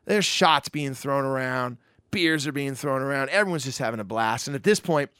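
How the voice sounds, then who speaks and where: Animated man telling a bar story. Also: mid-range voice, moderate pace, clear, resonant tone, dry recording, clean studio sound. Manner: animated, loose, many fillers like "you know" and "like". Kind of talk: casual anecdote storytelling.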